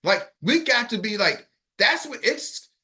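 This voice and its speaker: A middle-aged man coaching a team in a motivational talk on an online call, energetic and repetitive, often checking that his listeners are with him. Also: high-pitched, a little slow. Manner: energetic, repetitive, keeps asking the audience if they follow. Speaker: business coach.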